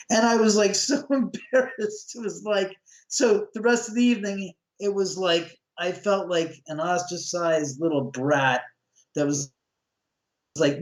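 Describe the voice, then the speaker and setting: Male guest, raised voice, animated storyteller who acts out the quotes, in an echoey room. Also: high voice, measured pace. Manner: lively, acts out quoted dialogue, chuckles often. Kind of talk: animated anecdote telling. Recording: roomy echo.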